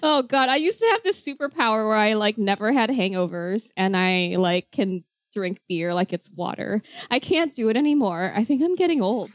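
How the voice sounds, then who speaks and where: A woman's voice: mid-range voice, expressive, normal speed, hardly any pauses, dry recording. A woman in her thirties from California chatting casually, laughing often and swearing freely on a video call. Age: 30s. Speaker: podcast host. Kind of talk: casual chat.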